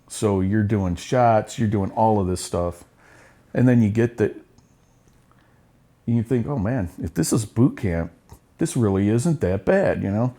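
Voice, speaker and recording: A middle-aged man tells his stories with blunt, profane humor. His voice sits on the low side. He talks like a veteran guest in a relaxed interview. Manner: blunt, profane, laughing storyteller. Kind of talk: casual storytelling interview.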